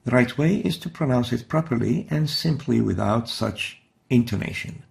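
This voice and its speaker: A man teaching Quran recitation in a recorded lesson, explaining patiently and demonstrating each sound slowly and carefully. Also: mid-range voice, animated, vocal fry, a little mellow.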